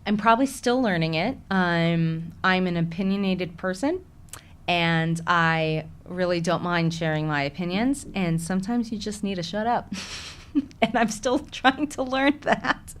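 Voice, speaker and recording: A woman's voice: fairly low pitch, a little slow, smooth. A woman with a Chicago accent, an actress talking candidly in a casual interview and laughing often. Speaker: actress, podcast guest.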